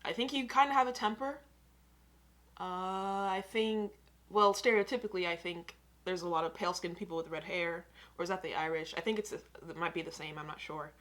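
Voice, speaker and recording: Reaction host: American woman, bright tone, chatty, opinionated. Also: on the low side, fairly even intonation, brisk. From United States. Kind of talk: casual reaction commentary.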